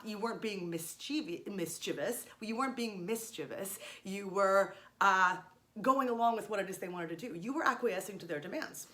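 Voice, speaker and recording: A woman's voice: medium pitch, sharp tone. A young woman teaching a music lesson to children, explaining each step in an encouraging way. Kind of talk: online music lesson for kids.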